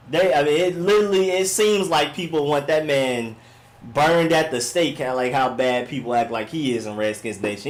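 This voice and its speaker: A laid-back man hosts a sports live stream, chatting casually with his viewers. He rambles from one comment to the next in relaxed slang and keeps checking in with a "you know what I'm saying". His voice sits at an ordinary middle pitch.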